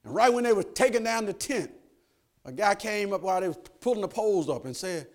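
An older man preaching a sermon, calling out to the congregation and rising to shouts. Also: high-pitched, big pitch swings, brisk.

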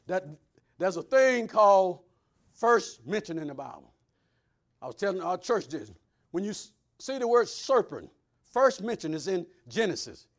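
A man preaching a sermon, swinging between loud preaching and hushed asides. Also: high voice. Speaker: pastor.

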